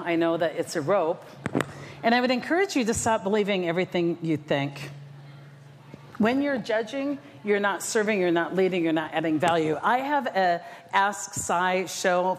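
A middle-aged woman giving a motivational keynote talk to a live audience, telling stories in an animated, self-mocking, dramatic way. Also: fairly low pitch. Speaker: motivational speaker. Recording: echoey hall with faint noise.

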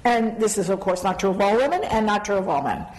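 A middle-aged woman telling a self-mocking story on a panel, animated and laughing through it. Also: mid-range voice, fast. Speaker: panel speaker. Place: large conference hall. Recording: hall reverb, faint background noise.

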